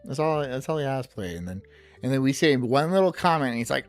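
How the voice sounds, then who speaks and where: A woman's voice: rumbling low, lively intonation, fast, dry recording, faint music behind. A woman hosting a casual reaction stream who teases and jokes crudely. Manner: crude, teasing, giggly. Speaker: streamer host.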